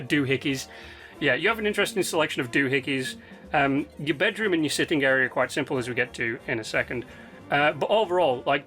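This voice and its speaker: A man's voice: medium pitch, a bit bright. A man hosting a gaming video, reviewing player builds in casual, slangy commentary that rambles with fillers and restarts. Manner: laid-back, slangy and rambling with many ums and restarts. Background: faint background music.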